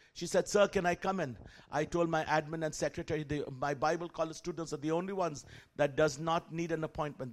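A man preaching in a church, telling a story and acting out its dialogue with animation. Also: on the high side. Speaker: guest preacher. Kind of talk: sermon storytelling. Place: church sanctuary.

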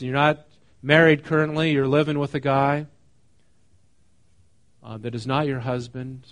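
A man preaching a sermon in a conversational way, reading a passage and then explaining it, often asking his listeners questions. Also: medium pitch. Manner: conversational, asks the congregation questions; reads scripture then explains it casually. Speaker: pastor.

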